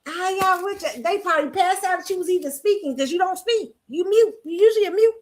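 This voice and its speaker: A woman hosting a casual pop culture commentary show, laughing often and ranting in a sassy, animated way. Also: extremely high pitch, quick pace. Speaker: host.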